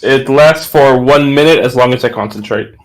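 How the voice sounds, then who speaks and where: A man's voice: mid-range voice, normal speed, rough recording. A man playing a tabletop game live, explaining rules with hesitant, stumbling speech. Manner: hesitant, stumbling over words. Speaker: tabletop player.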